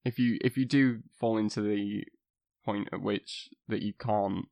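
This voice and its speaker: A man's voice: fairly low pitch, steady tone, a little slow, creaky, warm tone, no room sound. A young man, a university student, talking earnestly and repeating words as he thinks. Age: young adult. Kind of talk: casual podcast chat.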